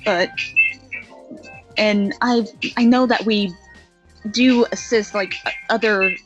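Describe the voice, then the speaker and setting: A woman's voice: mid-range voice, fairly even intonation, slow. A woman taking part as a player in a tabletop role-play, speaking hesitantly with many fillers. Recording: muffled lo-fi audio with faint music.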